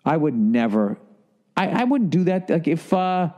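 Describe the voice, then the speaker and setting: A middle-aged man giving blunt, profane advice on a comedy podcast, shifting into higher voices to act out little scenes. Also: big pitch swings, a little slow, darkish tone. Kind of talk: casual comedic advice rant.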